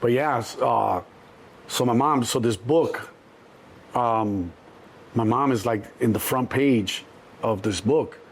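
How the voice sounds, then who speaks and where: A middle-aged man from Chicago, a guest telling animated street stories, acting out the voices in the quotes and swearing freely. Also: medium pitch, slow, long pauses, husky. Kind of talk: storytelling interview.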